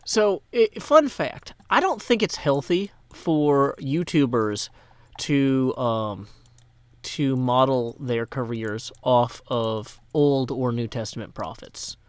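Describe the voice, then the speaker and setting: A man's voice: medium pitch, slow, clean tone, dry recording. A man from Tennessee chatting casually on a game livestream, rambling and joking as he thanks donors. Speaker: gaming livestreamer. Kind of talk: casual livestream chat while playing.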